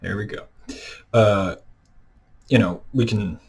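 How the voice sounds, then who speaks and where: A man's voice: on the low side, steady tone, slow, a little mellow, rough recording. A man ranting straight to his own camera in a loose, rambling way, full of fillers and restarts. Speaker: video creator. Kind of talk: unscripted rant to camera. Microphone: camera mic, self-filmed.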